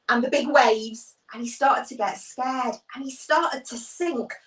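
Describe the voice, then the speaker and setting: Her high-pitched voice comes through a distant mic in an echoey space. Leading a children's church stream, she brings a Bible story to life with acted voices and pauses to greet commenters by reading what they wrote.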